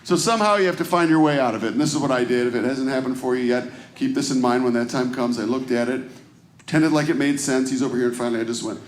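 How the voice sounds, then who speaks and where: A man's voice: mid-range voice, quick pace, a little hiss or hum. A middle-aged man doing a stand-up routine, chatting with the crowd in a conversational, self-deprecating way. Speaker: stand-up comedian. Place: comedy club stage before a live audience. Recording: roomy live stage recording.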